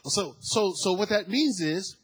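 A middle-aged man preaching a sermon, animated and rising to shouts of praise as he acts out the voices he quotes. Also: high-pitched, unhurried, slightly rough.

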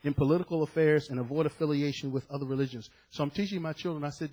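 A man preaching a sermon as pastor, passionate and dramatic, dropping low and then rising to shouts before his congregation. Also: rapid-fire, hardly any pauses, lo-fi sound. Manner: impassioned preaching, swinging from hushed to shouting. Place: church.

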